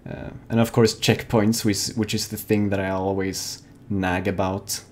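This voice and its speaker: A man's voice: fairly low pitch, little pitch movement, unhurried, a little hiss or hum. A young man co-hosting a live gaming show in casual chat, rambling with lots of fillers and restarts. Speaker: co-host of a fan-made live gaming show.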